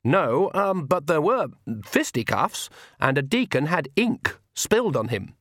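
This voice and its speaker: Fussy, earnest young priest, halting and slow, slightly raised pitch, voiced by a male reader. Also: big pitch swings, a bit bright, no echo, clean studio sound, exaggerated voice. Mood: earnest, hesitant. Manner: hesitant, halting with many ums, slow.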